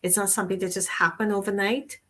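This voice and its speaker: A woman's voice: medium pitch, level tone, fast talker, sharp tone. A woman co-hosting a casual talk show, speaking effusively and rambling, with frequent restarts and rephrasings. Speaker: co-host.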